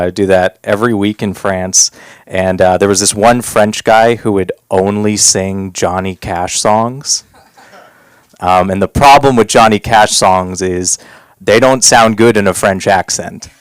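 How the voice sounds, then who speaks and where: A young man performing a stand-up comedy set on a club stage, rambling with fillers and jumping into loud, high bits. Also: steady tone, unhurried, clean tone, no room sound.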